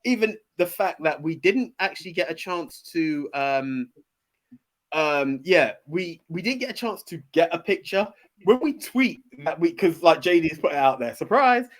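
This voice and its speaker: A man's voice: on the high side, animated, a little slow. Enthusiastic man chatting. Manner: enthusiastic, rambling, many fillers and restarts. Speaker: podcast host. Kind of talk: casual chat.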